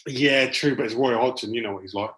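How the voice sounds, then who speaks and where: A man's voice: medium pitch, quick pace, fairly bright tone. A man hosting a casual football podcast over a call, jokey and full of banter and fillers. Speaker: podcast host. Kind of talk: casual chat. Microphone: call recording.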